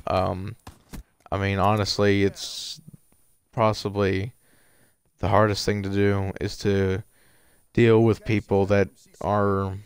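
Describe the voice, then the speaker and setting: A man rambles through a casual story, full of fillers and restarts. His low voice is gravelly at the bottom yet smooth and clear, recorded close and dry. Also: no echo. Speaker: streamer answering viewer questions.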